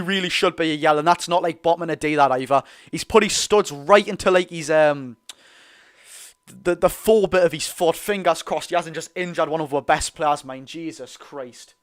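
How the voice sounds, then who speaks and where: A young man with a Geordie accent hosting a live football watch-along, chatty and excitable, bursting into loud reactions. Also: on the high side. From North East England. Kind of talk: live fan commentary.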